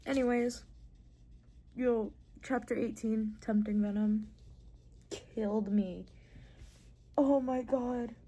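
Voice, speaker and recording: Brief: young woman, book vlogger, high-ish voice, excitable and sweary, casual chat. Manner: excitable, gushing, swears a lot.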